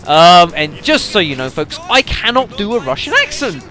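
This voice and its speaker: A man's voice: high voice, sing-song, normal speed, hardly any pauses, sharp tone, soft background music. A man giving casual gameplay commentary, rambling with lots of fillers and addressing the audience as folks. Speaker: let's play commentator.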